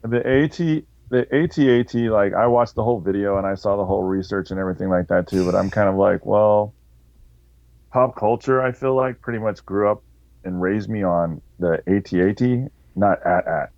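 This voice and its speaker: A man's voice: fairly low pitch, normal speed, darkish tone, no room sound. A man co-hosting a podcast, talking in a laid-back casual way. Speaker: podcast co-host. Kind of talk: casual chat. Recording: dull dry remote audio.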